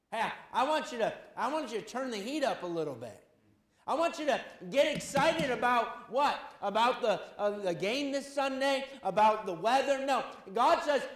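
A middle-aged male pastor preaches in a high voice. He swings between loud, fervent exhortation and quiet asides, and the sound rings around an echoey room. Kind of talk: sermon.

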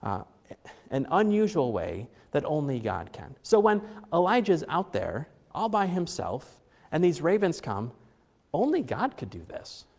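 A man's voice: a little high, wildly swooping pitch, measured pace, creaky, darkish tone. A middle-aged man preaching a conversational sermon to his congregation, chatty, with joking asides and frequent fillers and restarts. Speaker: pastor. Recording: long hall reverb.

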